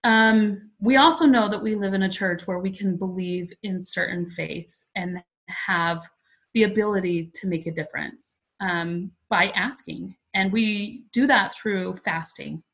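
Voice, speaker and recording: A woman's voice: medium pitch, unhurried, a bit bright, poor audio. A woman in her forties, a podcast guest, telling a personal story in a chatty, emotional way with many "like" fillers. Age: 40s.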